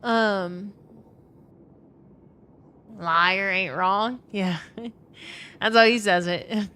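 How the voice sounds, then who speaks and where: Young new orleans woman streaming, chatty and cussing, mid-pitch voice. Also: steady tone, drawn-out words, sharp tone, smooth. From Louisiana. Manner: chatty, swears freely, reads chat aloud. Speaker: gaming streamer. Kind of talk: casual live-stream chat with viewers.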